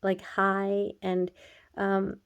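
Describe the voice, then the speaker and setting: A woman's voice: medium pitch, completely flat delivery, extremely slow, clean tone, highs cut off. Earnest, encouraging woman reading oracle cards. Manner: earnest and encouraging, speaking straight to the viewer; chatty, with laughs and filler words. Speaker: oracle card reader. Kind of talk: casual card reading to camera.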